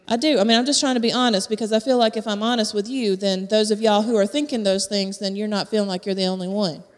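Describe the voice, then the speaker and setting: A woman's voice: mid-range voice, steady tone, fast. A woman preaching a live sermon into a handheld microphone, candid and conversational, with self-mocking humor. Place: church sanctuary at a live service. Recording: long hall reverb from a church.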